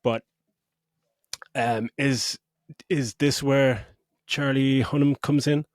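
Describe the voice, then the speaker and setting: A middle-aged man talks on a podcast in a mid-pitched voice, recorded dry and close. He rambles with lots of swearing and breaks into giggles. He often stops and restarts his sentences. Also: fairly even intonation, takes it slowly, no room sound. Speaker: podcast co-host. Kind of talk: casual chat.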